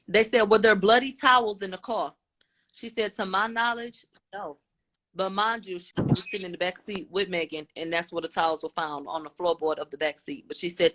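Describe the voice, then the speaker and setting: A woman's voice: mid-range voice, fairly bright tone. Casual woman recapping testimony aloud. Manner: retells testimony, voicing both sides; informal, blunt, with slang. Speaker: commentator.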